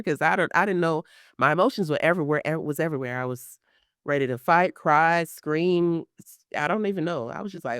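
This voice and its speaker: With a low-pitched voice and a brisk pace, a woman in her thirties who is about to have surgery tells a personal story as an interview guest. She acts out quotes, fills her speech with fillers, and stays animated throughout. The recording is clean studio sound without echo.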